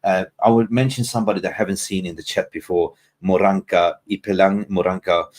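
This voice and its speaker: A man with a fairly low voice hosts a live fan stream in a casual, chatty way. He keeps greeting viewers by name and tosses in playful jokes. His delivery is animated and informal, with frequent filler words. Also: fast. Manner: animated, shouts out chat names, jokey asides.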